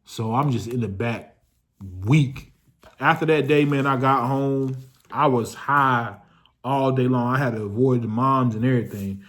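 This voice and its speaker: A young adult man telling a story to his viewers in a loose, slangy, casual way, swearing freely, his voice jumping up when excited and dropping low when reflective. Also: normal speed. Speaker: vlogger.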